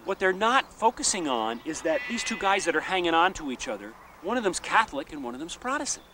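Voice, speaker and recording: A man, a peacemaker and facilitator, telling a story in an animated way, often saying "you know.". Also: sits high, brisk. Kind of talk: storytelling talk. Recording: distant mic, faint outdoor noise.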